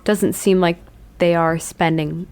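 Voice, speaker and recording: A woman's voice: fairly low pitch, steady tone, takes it slowly, darkish tone, smooth. A woman co-hosting a podcast in casual chat, thoughtful and reflective. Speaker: podcast co-host.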